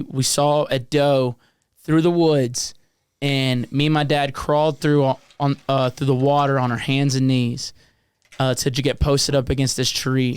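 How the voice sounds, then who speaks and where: A man's voice: medium pitch, a little mellow, clear, resonant tone, no echo, studio quality. A young man with a Southern American accent, a comedian co-hosting a podcast, telling stories with laughs and cursing freely. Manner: storytelling, laughing, swears freely. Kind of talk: casual chat.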